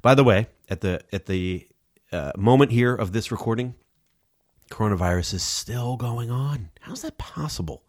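A man's voice: fairly low pitch, moderate pace, no room sound, clean studio sound. A man hosting his own podcast in casual solo talk, sounding nasal from a stuffy nose, chatty and self-deprecating with rambling asides. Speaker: podcast host. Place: home recording setup in New Jersey.

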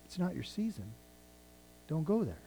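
A man's voice: a little high, sing-song, normal speed, creaky, dark tone, slight background noise, poor audio. A male pastor preaching a sermon, reading scripture and retelling it in everyday words, rising and dropping in intensity. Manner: paraphrases scripture conversationally, rising and falling in intensity.

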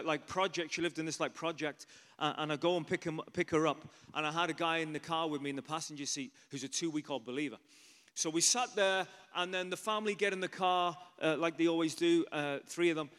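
A man, a pastor telling a story in a sermon, chatty and animated with frequent asides. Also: a little high, long reverb tail.

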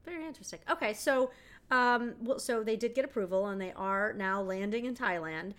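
A woman's voice: mid-range voice, brisk, fairly bright tone. A woman co-hosting a podcast, recapping a movie in casual chat with a dry, teasing manner. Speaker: podcast co-host.

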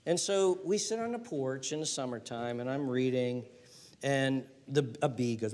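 Older preacher with emphatic rhetorical questions. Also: male voice, mid-range voice, lively intonation, a little fast, slight background noise. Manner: emphatic, rhetorical questions, dropping to hushed whispers. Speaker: pastor. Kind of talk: sermon.

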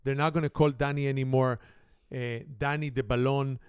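Hosting a lighthearted family spelling game, a middle-aged native Hebrew speaker from Israel tells a funny story in accented, grammatically broken English. His medium-pitched voice is steady, clear and resonant at a normal pace. The sound is clean studio audio with no room noise.

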